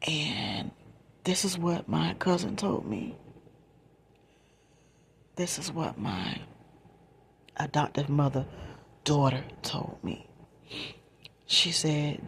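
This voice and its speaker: A woman telling a personal ASMR storytime in a breathy whisper and soft talk, confiding and emotional, often speaking straight to her listeners. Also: sits low, slight background noise. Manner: confiding, emotional, repeats phrases, addresses listeners directly.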